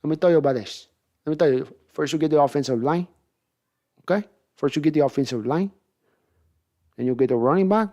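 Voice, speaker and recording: A man's voice: medium pitch, mellow, lo-fi sound, lightly acted. A man doing an impression of a menacing movie gangster, with a thick put-on drawl and repeated "okay?" asides.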